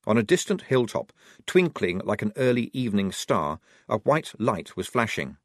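A man narrating an audiobook with an expressive, varied delivery. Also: lowish voice, normal speed, dry recording, studio quality. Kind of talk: scripted narration.

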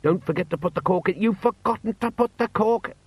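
A man's voice: high-pitched, a little fast, husky, no echo, voice pushed up. A man voicing a tinny, polite mechanical thing that rises out of the sea. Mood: fussy. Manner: polite, courteous.

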